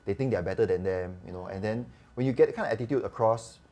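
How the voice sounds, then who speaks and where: A man's voice: lowish voice, racing. A man with a Singaporean English accent, a doctor guest telling stories in a casual chat, acting out the dialogue as he goes. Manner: chatty, animated, acts out quoted dialogue. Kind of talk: casual podcast storytelling.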